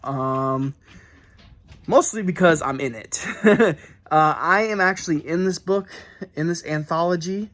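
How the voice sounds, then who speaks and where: A man's voice: fairly high pitch, measured pace, fairly bright tone. A young man chatting casually to camera about his book mail, rambling and correcting himself with lots of fillers. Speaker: book collector showing book mail.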